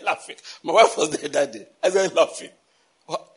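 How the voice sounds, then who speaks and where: A man with a Nigerian accent preaching a storytelling sermon, animated, with pidgin phrases mixed in. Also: on the high side, normal speed, breathy edge. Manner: animated, laughing asides, mixes in pidgin.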